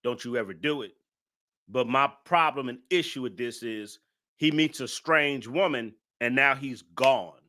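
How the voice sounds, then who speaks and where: A man's voice: mid-range voice, measured pace, bright, forceful tone. A man giving live-stream commentary, emphatic and repeating his points with indignant rhetorical questions.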